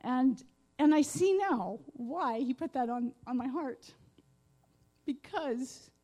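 A middle-aged woman giving a halting, emotional personal testimony in church, with many fillers. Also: high voice, animated, warm tone. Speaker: guest speaker. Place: church sanctuary.

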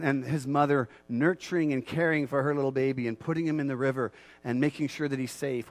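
A man preaching a sermon as pastor, moving from quiet earnest talk to loud, fervent declarations and repeating phrases for emphasis. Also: mid-range voice, no echo.

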